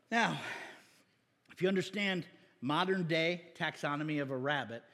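A man preaching a sermon in a lively, joking way, asking the crowd rhetorical questions and acting out mock voices. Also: high voice, in a large hall. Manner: animated, jokey, acts out mock voices and asks rhetorical questions.

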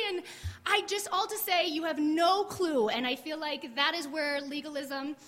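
A woman with a high voice shares her story at a church service, candid and chatty. She leans on "like" as she talks. The room rings with a long hall reverb. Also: fairly even intonation, normal speed, fairly bright tone. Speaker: guest sharing testimony. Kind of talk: casual testimony on church stage.

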